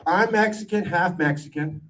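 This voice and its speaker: A man in his forties from California giving an animated, joking political speech to a crowd, with a sarcastic edge. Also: sits high, moderate pace. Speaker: political campaigner speaking to a crowd. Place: event gathering. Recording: voice distant from the mic.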